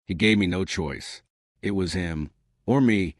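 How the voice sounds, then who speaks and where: A man voicing an adult male crime boss who speaks quietly and steadily, with restraint. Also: deep voice, measured pace, no room sound, studio quality. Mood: firm.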